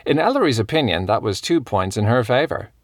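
A male narrator reads a mystery novel in a measured, even style. His mid-pitched voice has a noticeable gravelly fry. The recording is dry and close, like a studio booth. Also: dry recording. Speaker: audiobook narrator. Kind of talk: scripted narration of a cozy mystery.

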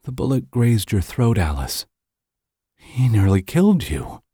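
A man's voice: on the low side, very animated, a little slow, darkish tone, husky, no room sound, studio quality, pitched above the performer's own voice, exaggerated voice. A man voicing a shaken young woman who feels guilty, her voice wobbly and tearful, in an audiobook.

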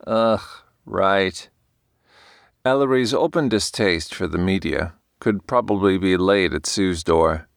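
A man reads a novel aloud with deep, gravelly fry in his low voice. His delivery is measured and steady, and the recording is dry and close with no room sound. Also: dry recording. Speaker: audiobook narrator. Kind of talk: scripted narration.

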